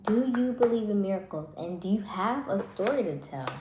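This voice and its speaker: A woman hosting a live stream, chatting casually with viewers in a soft voice that trails off at the ends of words. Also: mid-range voice, animated, moderate pace, echoey room, noisy background. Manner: chatty, many fillers.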